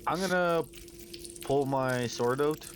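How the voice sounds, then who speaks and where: A man's voice: medium pitch, takes it slowly, slight background noise. A man playing a tabletop game, casual and loose, laughing easily and swearing. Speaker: player.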